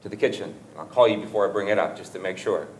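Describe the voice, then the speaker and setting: A man's voice: low-pitched, roomy sound, a little hiss or hum, close to an everyday voice, poor audio. A man quoting a flustered, apologetic young male hotel receptionist in his own voice, without putting on an accent. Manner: hurried and apologetic.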